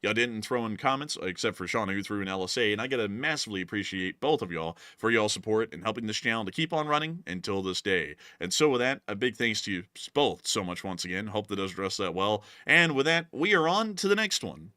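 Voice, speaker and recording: Male stream host, low pitch, bright forceful tone, slightly strained voice, casual fillers, dry sound. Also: expressive, no room sound. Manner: casual, drawn-out fillers, with sudden pitch jumps. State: voice feels strained. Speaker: show host. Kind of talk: live stream super chat replies.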